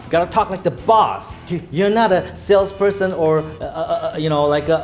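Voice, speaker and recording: A man's voice: a little high, a little fast, hardly any pauses, faint music behind. A man giving a sales training lecture to a live class, emphatic and acting out phone calls in a commanding tone.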